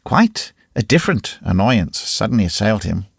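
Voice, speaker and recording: Husky, lively male audiobook narrator. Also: lowish voice, moderate pace, dry recording, studio quality. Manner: expressive, varied reading. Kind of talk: scripted narration.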